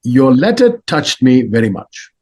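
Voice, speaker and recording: A gentle elderly monk, as a man puts him on, speaks in slow, halting broken English with calm authority. The voice sits a little higher than the speaker's own and carries a soft, husky breath. Each phrase is weighed and unhurried. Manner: calm, measured teaching tone. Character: serene elderly male monk, gentle and wise.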